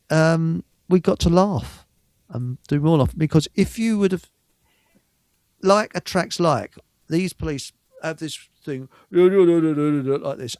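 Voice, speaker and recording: A man's voice: a little high, a little mellow, dry recording. An older man, host of a live stream, telling stories in a rambling, stammering way and chuckling often. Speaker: show host. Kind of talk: casual storytelling on a live stream.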